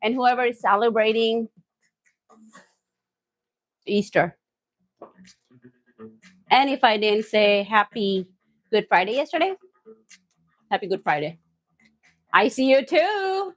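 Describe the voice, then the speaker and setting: A woman hosting a live cooking stream from her home kitchen, excitable and loud, often laughing at herself as she chats with viewers. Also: fairly high pitch, takes it slowly, pauses often, no echo.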